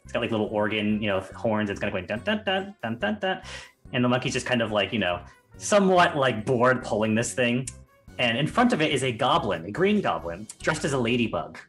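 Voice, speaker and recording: A man's voice: medium pitch, lively intonation, fairly quick, a bit bright, faint music behind. A man running a tabletop game as game master, narrating scenes in a loose, rambling way and laughing often.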